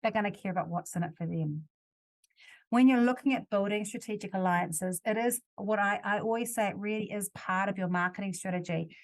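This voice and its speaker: A woman's voice: medium pitch, a little fast. A woman from New Zealand hosting a solo podcast, talking casually and correcting herself as she goes. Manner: conversational, self-correcting, gives examples. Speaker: podcast host.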